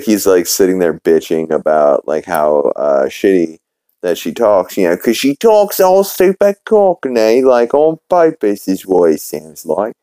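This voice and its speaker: A man's voice: low-pitched, dark tone, no room sound. A male podcast host casually recapping an episode, rambling along with lots of fillers, restarts and casual swearing.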